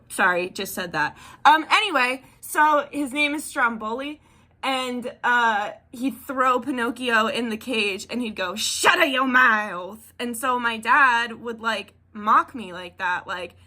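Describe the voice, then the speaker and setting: A woman's voice: fairly high pitch, pushed and bright. A woman in her thirties telling a personal story to the camera in a candid, rambling way with many fillers. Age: 30s. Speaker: tarot vlogger.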